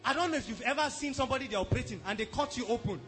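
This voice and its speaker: A man with a strikingly high voice preaches a sermon at a church service. He speaks emphatically and checks in with the congregation again and again. Soft music plays quietly behind him. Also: lively intonation, racing. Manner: emphatic, repeatedly asks the congregation if they are following. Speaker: pastor.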